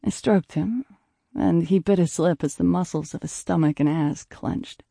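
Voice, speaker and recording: A man reading a first-person audiobook in a soft, intimate way, at times dropping to a breathy hush. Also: on the high side, normal speed, dry recording, studio quality. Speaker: audiobook narrator.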